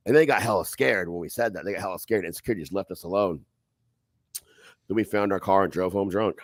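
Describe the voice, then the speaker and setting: A man on a podcast telling a wild fight story in a profane, animated way, acting out other people's voices loudly. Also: deep voice, fast, dry recording, clean studio sound. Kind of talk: casual storytelling.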